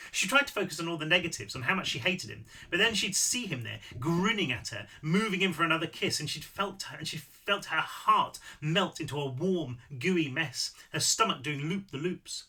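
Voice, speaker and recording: A man reads his own novel aloud with lively, animated delivery and now and then breaks off for a casual aside. His voice is a little higher than most men's, with a very bright, sharp tone. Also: moderate pace, breathy edge. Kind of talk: audiobook read-through with asides.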